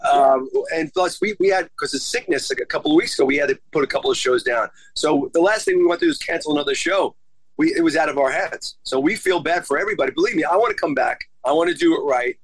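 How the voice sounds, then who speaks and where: A man speaks as a guest in an earnest, emphatic way, often repeating himself. His voice sits fairly high, recorded close and dry. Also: animated, fast talker, breathy edge, dry recording, poor audio. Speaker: guest musician. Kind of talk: remote interview.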